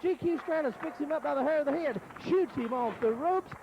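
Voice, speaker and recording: A man calling a wrestling match play by play in a folksy, excited way. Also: extremely high pitch, a little fast, dull audio, background noise. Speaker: wrestling commentator. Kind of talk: play-by-play commentary.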